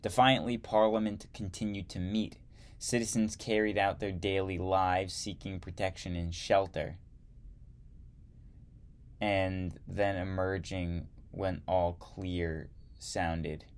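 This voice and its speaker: A man teaching history, reading a textbook aloud slowly and adding wry asides. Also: low voice, level tone.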